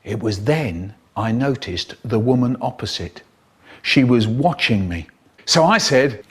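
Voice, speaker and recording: An older man reading a children's story aloud in a theatrical, expressive way, jumping into high squeaky voices for the characters and stretching words for effect. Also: moderate pace, breathy edge. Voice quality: expressive, voices the characters with big pitch jumps. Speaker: storyteller in a spliced comedy edit.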